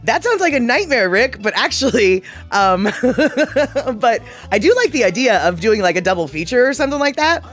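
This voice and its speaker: Chatty, lively-voiced stream host. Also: medium pitch, normal speed, faint music behind. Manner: chatty, animated, playfully exasperated. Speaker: livestream host. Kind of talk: casual chat reading viewer comments.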